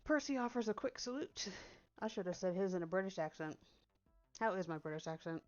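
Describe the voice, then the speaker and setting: A woman's voice: medium pitch, expressive, brisk, darkish tone. A woman streamer reading a visual novel aloud, narrating casually with playful asides. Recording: dull lo-fi stream audio, faint music.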